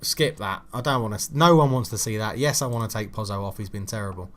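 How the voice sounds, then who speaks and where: Guy moaning over his football sim, swears a lot, mutters then yells at the screen. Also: lowish voice, quick pace. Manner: swearing, exasperated, swings from mutters to excited shouts. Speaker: gaming channel host. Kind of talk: casual football game commentary.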